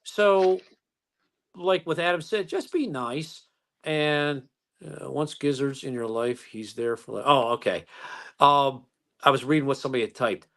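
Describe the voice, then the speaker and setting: A man, a police officer and interview guest, telling stories in a calm, unhurried way. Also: mid-range voice. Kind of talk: casual chat.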